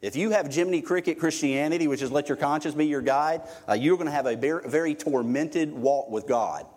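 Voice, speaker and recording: A middle-aged male pastor with a slightly high, somewhat mellow voice preaches briskly in a church sanctuary, the live hall reverb audible. His sermon is casual and joking, conversational but emphatic.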